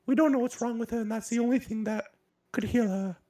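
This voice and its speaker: A man voicing a small gnome woman who urgently pleads in a rushed, breathless way. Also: extremely high pitch, warm tone, pitched above the performer's own voice. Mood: urgent, pleading.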